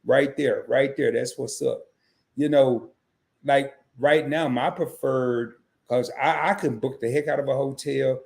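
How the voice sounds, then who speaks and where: Speaking a little slowly, this man has a gravelly, medium-pitched voice as he hosts a relaxed travel livestream. He greets chat viewers by name and animatedly performs short dialogues.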